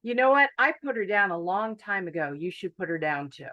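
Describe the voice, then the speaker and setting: A woman voicing a calm, wise elder male monk from a fable who speaks in a matter-of-fact way. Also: mid-range voice, a little fast, dry recording, lo-fi sound, close to an everyday voice.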